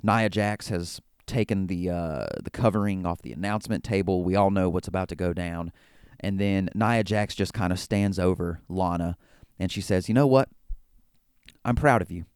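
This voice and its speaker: A man with a lowish, smooth and resonant voice talks through a casual recap as a podcast host. He is chatty and joking, and he often trips over his words and repeats them. The sound is close and dry. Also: fairly even intonation, moderate pace, darkish tone, dry recording. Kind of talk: casual wrestling recap commentary.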